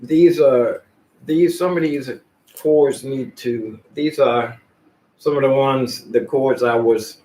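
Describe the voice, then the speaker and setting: A man's voice: medium pitch, takes it slowly, darkish tone, slight background noise. A man casually vlogging at home, rambling and jumping between topics with many restarts.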